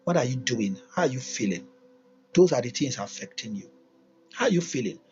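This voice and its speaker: A man's voice: mid-range voice, big pitch swings, a little fast, darkish tone, soft background music. A man giving a livestreamed motivational talk, emphatic and repetitive, asking lots of rhetorical questions. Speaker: motivational teacher. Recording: dull lo-fi recording.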